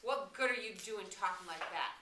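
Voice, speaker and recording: A woman doing a shrill, stubborn schoolboy. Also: moderate pace, lightly acted. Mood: agitated. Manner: shrill and insistent. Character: anxious, stubborn chubby schoolboy. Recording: roomy room, distant mic, faint hiss.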